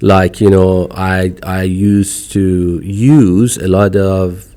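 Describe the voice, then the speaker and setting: A man's voice: deep voice, little pitch movement, drawn-out words, mellow. Iranian-accented man speaking emphatically. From Iran. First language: Farsi. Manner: emphatic, outspoken, broken English. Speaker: podcast guest. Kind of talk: casual conversation.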